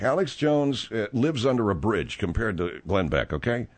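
A middle-aged man hosting a talk-radio show, rambling in a casual, animated way with plenty of fillers. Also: mid-range voice, normal speed, few pauses.

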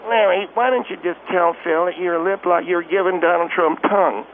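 A needling old mother, as a man puts her on, high and nasal-thin through a phone line. A faint hiss sits behind her teasing. She pokes at her son with sly little jabs. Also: normal speed, natural voice. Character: nagging elderly mother, teasing and meddling.

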